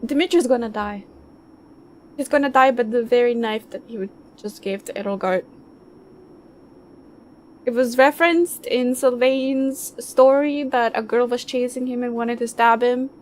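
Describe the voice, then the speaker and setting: A woman streaming a game, giving emotional, excitable let's play commentary. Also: fairly high pitch, moderate pace. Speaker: streamer and host.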